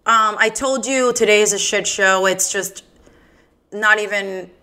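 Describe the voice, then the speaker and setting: A woman's voice: medium pitch, pushed and bright. A woman hosting her own podcast, telling bawdy jokes in a giggly, self-mocking casual chat. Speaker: podcast host.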